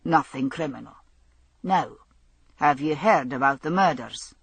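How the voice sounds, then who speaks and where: A woman playing a calm, soothing Highland constable. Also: a little slow, husky, no room sound, exaggerated voice. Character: Highland village constable, friendly and shrewd.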